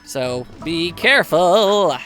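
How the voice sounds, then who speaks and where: A man talks through a video game as he plays, wry and chatty, poking fun at his own mistakes. His voice sits high and bounces around a lot, with a bright, forceful edge. Faint game music plays beneath him. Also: expressive, slow. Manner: chatty, wry, self-mocking asides. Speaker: gameplay commentator. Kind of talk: casual let's play commentary.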